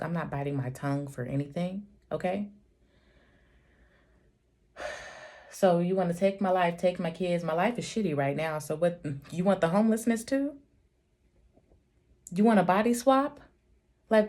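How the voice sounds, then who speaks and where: A woman's voice: lowish voice, darkish tone. A woman in her thirties telling a storytime vlog, talking in a heated, profane, emphatic way. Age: 30s. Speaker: vlogger, single mother.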